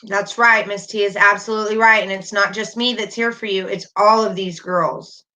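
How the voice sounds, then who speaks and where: A middle-aged woman hosting a casual livestream, talking warmly and reassuringly while reading chat comments aloud. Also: mid-range voice, fairly even intonation, normal speed. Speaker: livestream host.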